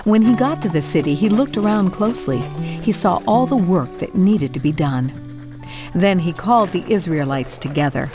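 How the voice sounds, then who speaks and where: A woman narrating a children's Bible storybook in a cheerful, expressive way, speaking to young listeners. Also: on the low side, normal speed, over music.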